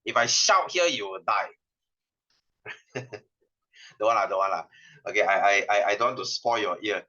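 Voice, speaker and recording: A man's voice: fairly low pitch, moderate pace, pushed and bright. A young man with a Malaysian English accent teaching an online science class, playful and teasing, laughing often. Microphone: webcam microphone. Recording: dull lo-fi webcam audio.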